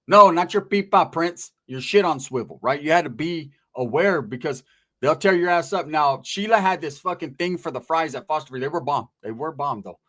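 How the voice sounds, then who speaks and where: A man spinning a profane comic story, casual and animated. His voice sits high and swings widely in pitch as he jumps between scenes. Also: moderate pace. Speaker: stand-up storyteller. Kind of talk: comedic storytelling.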